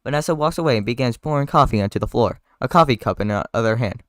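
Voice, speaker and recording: A man's voice: medium pitch, animated, quick pace, no room sound, studio quality. Casual man reading a script aloud. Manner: casual, stumbles over words. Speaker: streamer. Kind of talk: live reading of a movie script.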